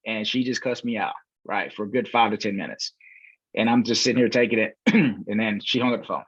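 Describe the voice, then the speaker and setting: The investor's voice comes across low, a little rough, and fairly quick in a dry, dull, lo-fi recording. Chatting as a guest, he tells a drawn-out story with many fillers and performs the voices he quotes.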